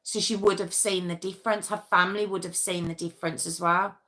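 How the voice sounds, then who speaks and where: A woman hosts a true crime stream, offering indignant, skeptical opinions and reading court statements aloud with her own asides mixed in. Her voice is lowish and a bit bright, with fairly even intonation and a fairly quick pace.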